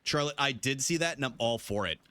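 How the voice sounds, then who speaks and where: A man's voice: medium pitch, expressive, quick pace, pushed and bright, clear, resonant tone, no echo. A young man live-streaming a game, chatting casually with viewers and laughing often.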